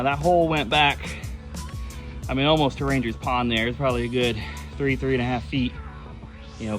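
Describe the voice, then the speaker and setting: A man filming a casual outdoor vlog as a reptile keeper, chatting in a relaxed way and talking fondly to his tortoises. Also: medium pitch. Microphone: camera set on ground.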